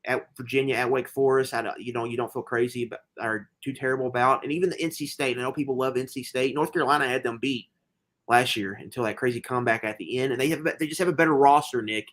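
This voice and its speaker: A man co-hosting a podcast, giving college football predictions in casual sports betting chat, speaking in quick bursts of emphasis. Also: medium pitch, steady tone, fairly bright tone. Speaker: podcast co-host.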